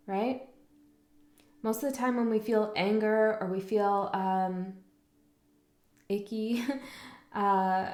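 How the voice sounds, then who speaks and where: Woman tarot reader, mid-pitch, reflective rambling delivery in a roomy space. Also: a little mellow. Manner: rambling, reflective, many fillers and restarts. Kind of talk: casual spiritual monologue.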